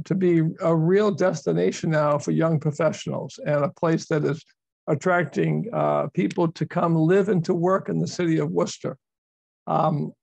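This university speaker is a man presenting virtually on a video call, picked up by the call's microphone. He goes on at length, repeating words to stress points, in a voice on the high side with a darkish tone and vocal fry, recorded dry.

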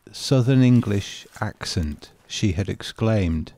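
Guy telling a little memory story real slow, gravelly low voice, bit of hiss behind. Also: expressive, warm tone, no room sound. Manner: measured, wistful storytelling. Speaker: home renovation vlogger. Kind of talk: slow reflective narration.

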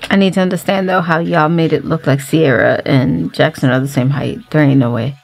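A young adult woman giving casual reaction commentary on a music video, blunt and animated, swearing freely. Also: sits low, a little fast, vocal fry. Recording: faint music behind her voice.

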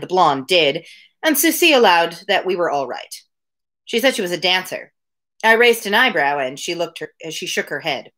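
A woman's voice: lowish voice, a bit bright. Woman reading a novel aloud on a livestream. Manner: chatty asides to viewers between passages. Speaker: reader of a daily livestreamed book reading. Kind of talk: read-aloud livestream narration. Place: home room with window blinds.

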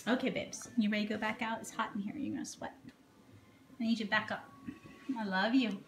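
A woman's voice: mid-range voice, fairly even intonation, fairly quick. A woman filming her horse in her office, chatting to it in a doting, baby-talk manner. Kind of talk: casual vlog talking to a horse. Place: indoor office beside a stable. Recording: echoey room with faint background noise.

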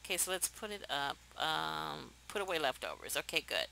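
A young woman talks her viewers through a life-sim game in casual commentary. Her voice is very bright and forceful, and her pitch bounces all over the place. She is chatty and excitable and often breaks into laughter. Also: moderate pace, vocal fry, low-quality recording. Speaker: let's play host.

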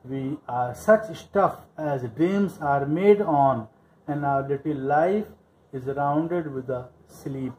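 A man teaching a literature class, taking each line of a play in turn and paraphrasing it. He speaks slowly and repeats himself with plenty of fillers. His voice sits fairly high for a man. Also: a little mellow, low-quality recording. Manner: reads a line, then paraphrases it with repetitions and fillers.

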